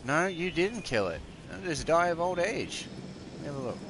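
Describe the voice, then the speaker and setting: A man's voice: a little high, very animated, moderate pace, noisy background. Rambling man streaming a game. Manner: rambling, chatty, talks aside to family. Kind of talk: casual live-stream gaming chat. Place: home.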